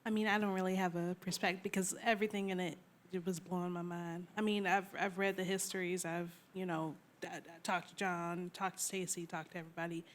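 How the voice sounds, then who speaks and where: Female panelist, lower voice, emphatic, faint background noise. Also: level tone, brisk. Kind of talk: panel discussion.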